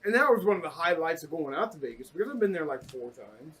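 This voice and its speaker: A man's voice: on the high side, sing-song, quick pace, a bit bright, husky, recorded from a distance, rough recording. A man co-hosting a podcast, recalling trips in an easygoing, rambling way with fillers and swearing. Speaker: podcast co-host. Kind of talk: casual storytelling.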